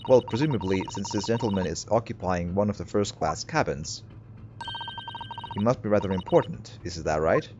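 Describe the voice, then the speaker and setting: A man's voice: deep voice, normal speed. A man reading a composed young woman assistant. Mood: thoughtful. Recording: slightly muffled, steady hiss behind.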